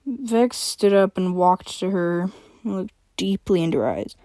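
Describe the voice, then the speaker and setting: Slow-talking young woman reading her story. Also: mid-range voice, lively intonation, warm tone, no room sound. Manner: rambling with fillers. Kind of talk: casual chat and story reading.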